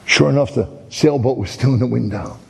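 A man's voice: mid-range voice, fairly quick, creaky. A man preaching a sermon as a folksy story, often repeating "and, and" as he tells it. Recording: long hall reverb.

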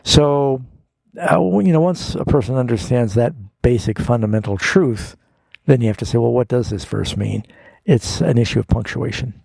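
A man's voice: mid-range voice, normal speed, vocal fry, darkish tone, husky, no room sound. A man hosting a call-in Bible radio show as a pastor, answering callers' questions in a folksy, explanatory way and reading scripture aloud.

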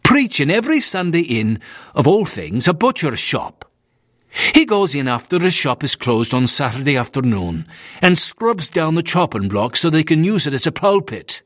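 A male narrator puts on a nervous Scottish minister of the old school, fussing and disapproving as he talks. His delivery swings up and down with lively inflection. The sound is dry and close. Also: a little high, normal speed, no echo, pitched above the performer's own voice. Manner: stiff, complaining, scornful of his brother.

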